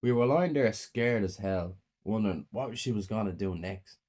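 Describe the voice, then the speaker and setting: Low-voiced man reading a horror story. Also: moderate pace, a little mellow.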